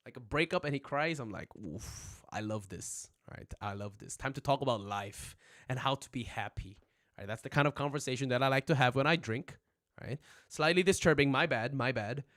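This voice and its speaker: A young man teaches casually on a livestream, recorded on a phone at home, his mid-range voice a little fast and fairly bright. He jokes, rambles and swears, checking in with "right?" constantly.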